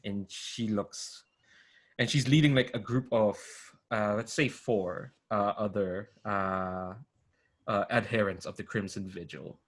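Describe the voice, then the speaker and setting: A man's voice: on the low side, fairly even intonation, a little slow. A man narrating as game master, rambling with many fillers and restarts over a video call.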